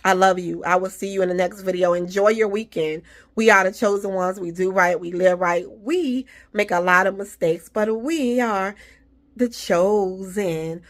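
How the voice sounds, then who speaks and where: Reassuring woman with a lowish voice. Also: steady tone, normal speed. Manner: repetitive, reassuring, faith-filled. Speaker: vlogger giving encouragement. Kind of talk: casual motivational talk.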